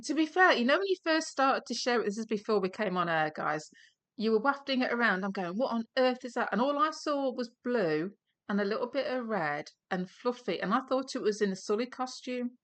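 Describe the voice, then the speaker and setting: A woman co-hosting a casual podcast, dropping teasing, dry remarks to the listeners. Her voice is bright and a little high. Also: expressive, a little fast. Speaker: podcast co-host. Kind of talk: casual chat.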